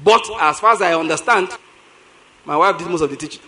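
A middle-aged Nigerian man with a Nigerian English accent, a pastor preaching a sermon in an animated storytelling way, repeating lines for emphasis. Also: fairly high pitch, brisk, low-quality recording.

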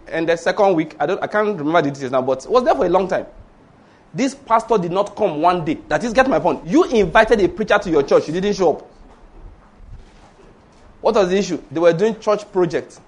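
Male preacher, high voice, emphatic sermon storyteller. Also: animated, fairly quick, long pauses. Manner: storytelling, emphatic, rhetorical questions.

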